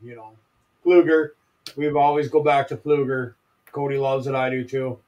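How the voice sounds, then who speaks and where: A man chats about ice fishing as a lodge guide on a live stream. His voice sits at an ordinary middle pitch. He talks plainly and matter-of-factly. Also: fairly even intonation, moderate pace, highs cut off. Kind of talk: casual live-stream chat.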